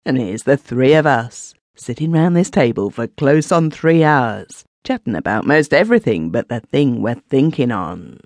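A man voicing Smith, a kindly, emotional villager in an audiobook, talking gossipy and eager, swinging up in pitch. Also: big pitch swings, darkish tone, dry recording. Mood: earnest. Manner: gossipy, quick to burst into feeling. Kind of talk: audiobook character voice.

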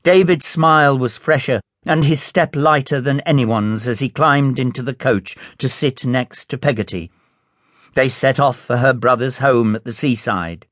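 A man reads a classic novel aloud in a measured, unhurried manner. His voice sits at a middle pitch and moves at a slow, careful pace. The recording is close and dry, with no room sound. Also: a bit bright, no room sound. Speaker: audiobook narrator. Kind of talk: scripted narration.

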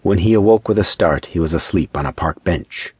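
A man narrating a short-story audiobook in a measured, even storytelling manner on a close studio mic. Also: low voice, husky, dry recording. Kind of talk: scripted narration.

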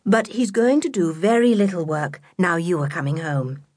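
A kind, fussing mother from a children's storybook, as a woman narrator voices her, gentle and soothing, often dropping to a soft, breathy hush. Her pitch moves a lot, and the recording is close and dry. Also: expressive, normal speed, no room sound.

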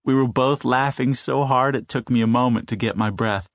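A man narrates a children's novel in a steady, mid-pitched voice. He takes his time and slows for suspense, recorded close and bone dry in a studio. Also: dry recording. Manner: measured storytelling, slowing for suspense. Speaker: audiobook narrator. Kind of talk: scripted children's audiobook narration.

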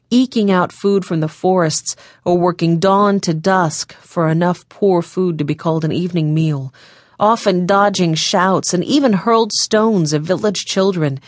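A woman narrating an audiobook, reading in a measured, emotive storytelling manner on a close microphone. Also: fairly low pitch, darkish tone, no room sound. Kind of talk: scripted narration of a historical novel.

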